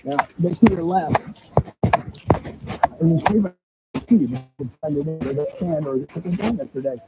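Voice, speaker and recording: A man's voice: fairly high pitch, moderate pace, loud music behind the voice, rough recording. A man giving a heated, rambling account while walking his rural property, filmed on a handheld phone. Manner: rambling, heated, swearing, restarts often. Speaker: property owner making a public statement. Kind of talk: agitated outdoor livestream account. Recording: loud outdoor background noise.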